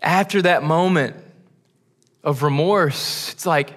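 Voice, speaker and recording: A young man preaching a sermon as pastor, earnest, pausing for emphasis through long lists. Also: a little high, bright, forceful tone. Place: church sanctuary.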